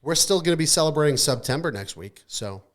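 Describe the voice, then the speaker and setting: Man, podcast host, casual sign-off, loud, profane, mock-angry, slightly high-pitched. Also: lively intonation, fairly quick.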